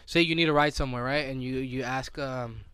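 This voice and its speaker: A young man talks loosely on a podcast at an average pitch. He rambles and restarts his sentences a lot. The sound is dry and close. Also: steady tone, brisk, fairly bright tone, clear, resonant tone, no echo. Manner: rambling, many fillers and restarts. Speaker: podcast co-host. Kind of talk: casual chat.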